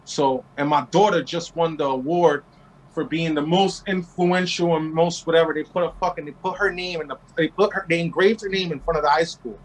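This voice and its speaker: A man in his forties from Queens tells stories as an interview guest. He talks in a brash, profane, animated way. His voice sits high. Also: rough recording. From Queens, New York. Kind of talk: casual interview storytelling.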